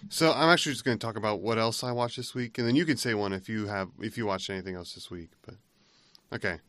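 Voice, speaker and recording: A man's voice: on the low side, quick pace, fairly bright tone, no room sound. A man co-hosting a podcast, chatting casually and rambling as he laughs through his retelling. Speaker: podcast co-host. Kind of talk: casual chat.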